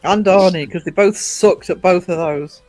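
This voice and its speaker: High-voiced northern English man joking. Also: moderate pace, darkish tone, faint music behind, low-quality recording. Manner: playful, jokey, laughing often. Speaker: livestream host. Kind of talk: casual chat.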